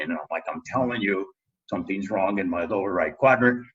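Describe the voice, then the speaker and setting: A man's voice: deep voice, quick pace, breathy edge, highs cut off. A middle-aged man, a guest dentist, telling a personal story in a podcast interview and acting out what people said. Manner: animated storyteller, acts out quotes.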